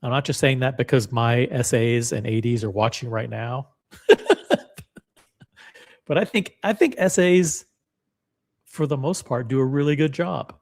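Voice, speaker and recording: A man hosting a live stream reads a forum post aloud and comments on it bluntly, swearing and repeating words while talking straight to chat. His mid-range voice is creaky and moves at a moderate pace.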